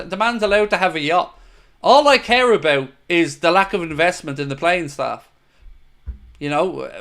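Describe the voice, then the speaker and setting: A high-pitched man with a fairly bright tone hosts a football fan livestream, reading viewer comments and chatting casually. He answers in an earnest, opinionated way and speaks directly to viewers, calling them "mate".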